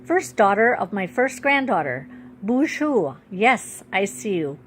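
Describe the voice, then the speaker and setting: A gentle, wise old great-grandfather in a storybook read-aloud, voiced by a woman. He speaks softly and slowly, thoughtful and patient. The voice sits in a middling register. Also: medium pitch, big pitch swings, slight background noise. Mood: fond. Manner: slow, soft-spoken, thoughtful.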